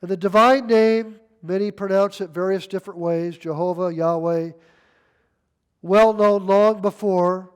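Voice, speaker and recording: Older man in his 60s, pastor, high-pitched voice, emphatic folksy sermon delivery. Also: steady tone, unhurried, clear, resonant tone. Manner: emphatic, folksy, reads scripture aloud.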